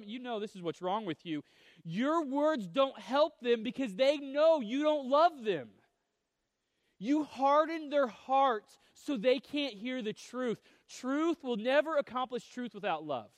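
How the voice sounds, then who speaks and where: A man's voice: extremely high pitch, no echo, clean studio sound. A man preaching a sermon in an earnest, conversational way, often restarting phrases, with a voice he calls whiny. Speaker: pastor.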